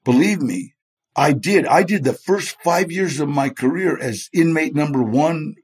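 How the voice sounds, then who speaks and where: A man's voice: fairly high pitch, a little slow, darkish tone, breathy edge. A man, a guest in an interview, telling stories animatedly, acting out the people he quotes and laughing often. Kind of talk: storytelling in a chat interview.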